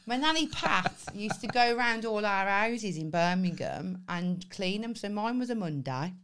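A woman, co-hosting a podcast in casual chat and telling stories in a lively, sweary way. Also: mid-range voice, moderate pace, a little hiss or hum. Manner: sweary, animated storytelling with laughs. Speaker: podcast co-host.

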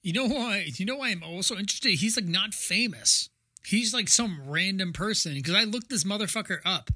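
A man in casual podcast chat, excitable and full of fillers like "like.". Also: high-pitched, moderate pace, slightly rough, dry recording. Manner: excitable, filler-heavy storyteller. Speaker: podcast co-host.

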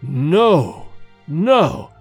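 A man's voice: a little high, sing-song, very slow, husky, no room sound, soft background music, full character voice. A man voicing a defiant, sinister old man who makes threats. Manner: stubborn, threatening.

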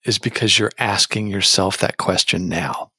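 A man's voice: deep voice, moderate pace, sharp tone, slightly rough, no echo. Upbeat podcast host, man, very dry sound. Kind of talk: casual podcast chat.

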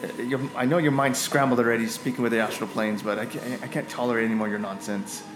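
Man doing a gruff impatient older guard. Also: medium pitch, steady tone, fast talker, background noise, natural voice. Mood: stern. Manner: gruff, curt. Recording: echoey room, faint music.

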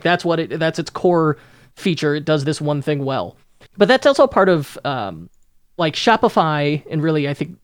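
A man's voice: fairly high pitch, dry recording, studio quality. A man hosting a podcast, talking in a casual, rambling way with many restarts and fillers. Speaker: podcast host. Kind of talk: casual chat.

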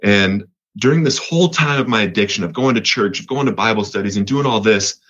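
A man's voice: on the low side, brisk, fairly bright tone, lo-fi sound. A man from Colorado, earnest and repetitive, telling his story of getting clean as an interview guest. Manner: earnest, repeats words, voice rises when reliving moments. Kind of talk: personal testimony in an interview.

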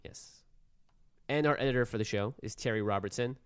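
A man's voice: mid-range voice, brisk, clear, resonant tone, no room sound, studio quality. A man co-hosting a podcast about a card game, chatting in an upbeat way and reading out the show's credits. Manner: upbeat, reads plugs and credits. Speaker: podcast co-host. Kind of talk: casual chat.

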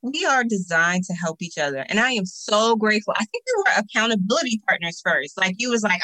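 A woman's voice: a little high, fairly quick, hardly any pauses, dry recording, poor audio. A woman guest on a podcast, telling stories animatedly and repeating words for emphasis. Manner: animated storyteller, emphatic repetitions. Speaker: podcast guest, agency owner. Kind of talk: casual interview chat.

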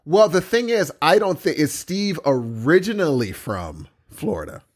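Playful man with a very swooping pitch. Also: very animated. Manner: playful, laughing, quick to act out quotes. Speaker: podcast co-host. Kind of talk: casual chat.

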